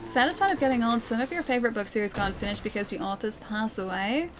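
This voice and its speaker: A woman's voice: a little high, fast talker, noisy background. An Australian woman streaming a game from her living room, chatting and laughing often as she answers viewer comments. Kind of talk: live gameplay stream, chatting with chat.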